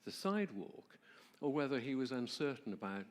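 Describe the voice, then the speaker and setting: A man's voice: medium pitch, big pitch swings, fairly quick. Conversational man telling a story in church. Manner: warm, conversational, asks the audience questions. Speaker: marriage ministry presenter. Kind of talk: storytelling talk to a church audience.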